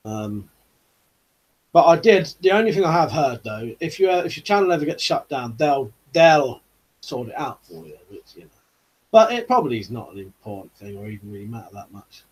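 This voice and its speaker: A man hosts a relaxed live chat in a husky, mid-pitched voice. He rambles along easily, trailing off and dropping 'you know' between thoughts. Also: a little fast, low-quality recording. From United Kingdom. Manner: rambling, easygoing, full of fillers like 'you know'. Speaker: YouTube channel host. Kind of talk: casual live-stream chat, reading out viewer comments.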